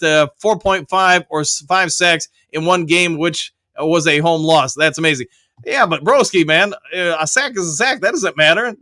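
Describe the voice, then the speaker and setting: A man's voice: high-pitched, sharp tone, no echo, clean studio sound. A middle-aged man hosting a live stream, casually reading viewer comments aloud and answering them. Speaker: host.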